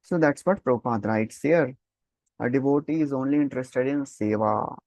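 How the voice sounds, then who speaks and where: A man teaching a scripture class, explaining slowly, repeating key terms and chanting verses. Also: mid-range voice, darkish tone, no echo, low-quality recording. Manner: switches between English and Hindi, chants verses. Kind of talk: scripture lecture.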